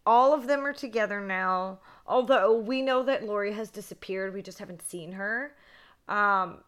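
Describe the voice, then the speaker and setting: A woman co-hosts a horror podcast and walks through a movie in loose, excitable chat. Her voice is bright and forward, and she swears freely and leans on "like" as she goes. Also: medium pitch, moderate pace, clear, resonant tone. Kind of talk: casual movie recap chat.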